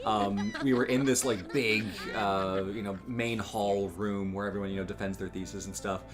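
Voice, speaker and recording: A man's voice: on the low side, steady tone, moderate pace, over music. Rambling man in a laid-back game chat. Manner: rambling, with many fillers and bursts of laughter. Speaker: co-host playing a video game. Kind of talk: casual gameplay chat.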